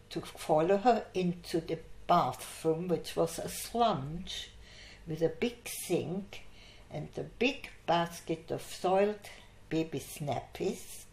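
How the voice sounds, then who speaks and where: Slow, low-voiced older woman telling stories. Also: darkish tone. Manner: unhurried anecdotal telling, laughs often. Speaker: interviewee. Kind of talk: oral history storytelling. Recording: echoey room.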